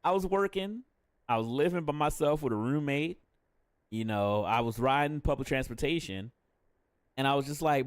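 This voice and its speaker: A man's voice: medium pitch, fairly quick, no echo, clean studio sound. A young adult man casually chatting on a live stream, candid and profane, laughing often between thoughts.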